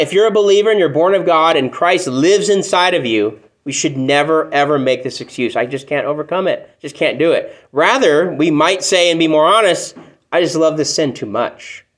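A man preaching a sermon to a room of people, talking to them plainly and often asking them rhetorical questions. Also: fairly high pitch. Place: church room with congregation.

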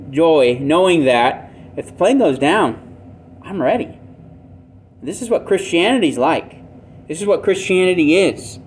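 Male pastor mid-sermon, earnest and plain, voice a touch high, faint ambience behind. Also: a little hiss or hum. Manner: earnest, plainspoken, self-deprecating asides.

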